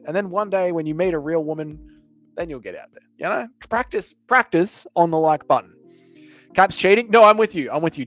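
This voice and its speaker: A man hosting a live stream, reading chat messages aloud and bantering crudely with viewers. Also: on the high side. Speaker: livestream host reading chat.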